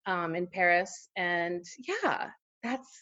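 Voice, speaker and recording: A woman's voice: fairly low pitch, sing-song, slow, bright, forceful tone, muffled recording. A woman in her forties, a podcast guest, telling a personal story in casual interview chat with lots of fillers and laughter. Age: 40s.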